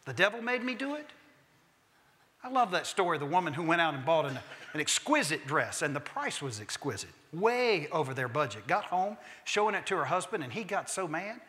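Bright-voiced preacher in a reverberant church. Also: male voice, a little high, big pitch swings, slight background noise. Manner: emphatic storytelling preacher who slows for key points; humorous asides. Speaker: pastor. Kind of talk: sermon. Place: church sanctuary. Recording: long reverb of a church sanctuary.

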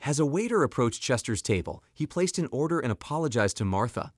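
A man's voice: mid-range voice, big pitch swings, brisk, hardly any pauses, no room sound, studio quality. A man reading a scripted story as narrator.

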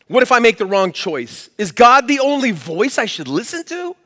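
A man's voice: very high-pitched, sing-song, moderate pace, pushed and bright, long reverb tail. A man preaching a sermon as pastor, in a conversational, emphatic way. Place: church hall.

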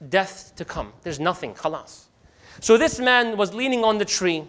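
A man teaching a religious class to a live audience, telling stories with humor and acting out the dialogue. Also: sits high. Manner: animated, humorous, acts out dialogue. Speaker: Islamic teacher. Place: mosque hall with a live audience.

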